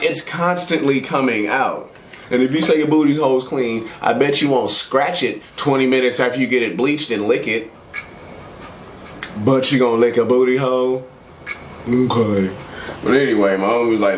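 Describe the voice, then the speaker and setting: Low-voiced man telling a crude stand-up story. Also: moderate pace, roomy sound, a little hiss or hum. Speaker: stand-up comedian.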